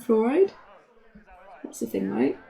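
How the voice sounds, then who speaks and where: A woman's voice: a little high, wildly swooping pitch, slow, mellow. A young woman doing casual, playful commentary on a card game, laughing often. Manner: giggly, playful banter.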